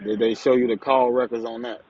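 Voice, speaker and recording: A man's voice: medium pitch, level tone, fairly quick, a little mellow, a little hiss or hum. A man interviewing a guest with short prompts and follow-up questions, heard over a phone line.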